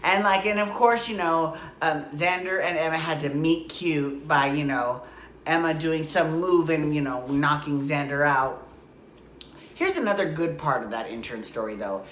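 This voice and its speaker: A woman's voice: low-pitched, moderate pace, a bit bright, echoey room, a little hiss or hum. A woman vlogger giving a casual, opinionated recap of a soap opera, full of chatty asides.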